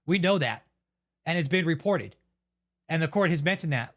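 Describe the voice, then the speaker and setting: A man's voice: fairly high pitch, lively intonation, normal speed. A man hosting his own channel, delivering a heated, heavily profane and blunt rant of commentary. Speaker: channel host. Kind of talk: angry ranting commentary.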